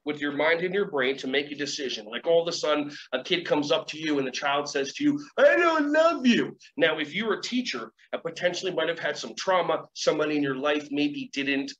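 A man leading a casual webinar lesson from home, energetic and rambling, acting out quoted voices and guiding breathing exercises. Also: a little high, fairly quick, hardly any pauses, slight background noise. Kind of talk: casual teaching talk with guided exercises. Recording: dull lo-fi sound, faint ambience.

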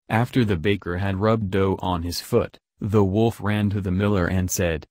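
A man calmly reading a fairy tale aloud as bedtime story narration. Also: deep voice, moderate pace, few pauses, no room sound, clean studio sound. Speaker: storybook reader.

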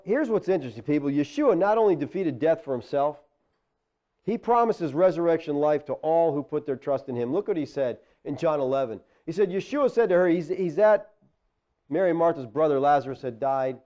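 A pastor delivering a sermon in a mellow, fairly high voice, talking to the congregation in a plain conversational way. He builds into emphatic exclamations at his key points. The recording is dull and lo-fi. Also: lively intonation, fairly quick.

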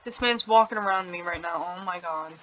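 A young woman playing a horror game with a friend, talking in quick frantic bursts, gasping, swearing and shouting warnings. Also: fairly low pitch, highs cut off, slight background noise. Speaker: gamer.

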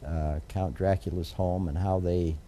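An older American man with a deep, dark voice speaks at a measured pace in a steady tone, with slight background noise. He's a federal judge in an oral history interview, telling stories in a rambling, warm way full of fillers and restarts.

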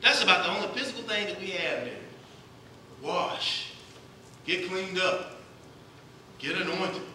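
A man's voice: sits high, animated, measured pace, long pauses, pushed and bright, a little hiss or hum. A man preaching a sermon, asking the congregation questions and answering them himself. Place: church sanctuary. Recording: echoey church hall, distant mic.

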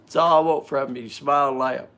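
A man's voice: mid-range voice, fairly even intonation, fairly quick, fairly bright tone, slight background noise. A man hosting a casual live stream, joking and chatting, greeting viewers by name, often repeating and stumbling over words.

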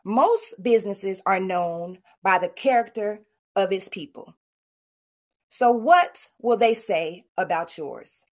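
A woman's voice: mid-range voice, expressive, slow. A middle-aged woman giving a motivational talk at an online summit and coaching her audience directly. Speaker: speaker.

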